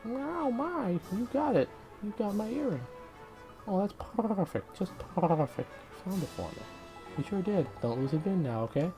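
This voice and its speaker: A man voicing an overjoyed village woman who gushes her thanks in a high falsetto voice, with game music behind. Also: expressive, moderate pace. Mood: gushing. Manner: gushing, high and breathless.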